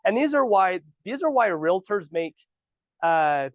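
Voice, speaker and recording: Give me an animated, sarcastic man coaching new agents in a dry room. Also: sits high, unhurried, no room sound. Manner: animated, ranting, sarcastic asides. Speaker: real estate trainer. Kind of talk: casual training talk. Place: office training room.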